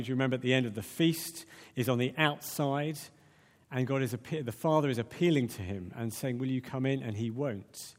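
A man preaching a sermon in a conversational, animated way, with many restarts. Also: mid-range voice. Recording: long reverb of a large hall.

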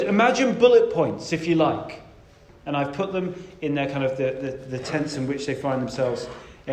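A man's voice: sits high, echoey room. A man preaching a sermon in a conversational, emphatic way, stressing key words.

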